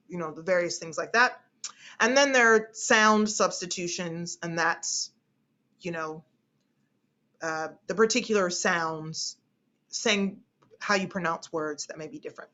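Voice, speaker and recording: A woman's voice: fairly low pitch, moderate pace, bright, forceful tone, highs cut off. A woman speech instructor from the United States, teaching an online class in a chatty way and often repeating her phrases.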